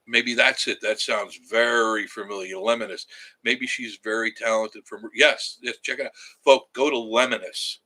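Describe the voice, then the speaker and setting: A man's voice: fairly low pitch, bright, forceful tone, slightly rough, poor audio. A man, chatting casually on a livestream from his cabin and reading viewer comments aloud in a rambling way. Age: 70s. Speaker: livestream host. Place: home cabin.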